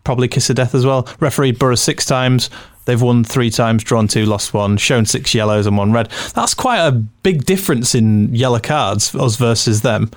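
Dry, steady man co-hosting a football podcast. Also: medium pitch, no room sound. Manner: reads stats and lists in a steady, measured way. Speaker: podcast co-host. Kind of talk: casual football podcast chat.

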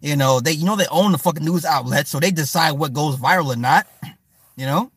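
Man streamer, casual profane commentary, talks to chat, slightly high voice, dry close mic. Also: a little fast, a bit bright, slightly rough, no echo. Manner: loose, profane, joking; talks to viewers and chat by name. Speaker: livestream host.

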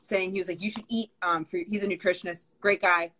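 A woman guest in a casual conversation who talks fast, with her words tumbling out. She is chatty and pokes fun at herself, often acting out her own past thoughts. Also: on the low side, steady tone, sharp tone, rough recording. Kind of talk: casual chat.

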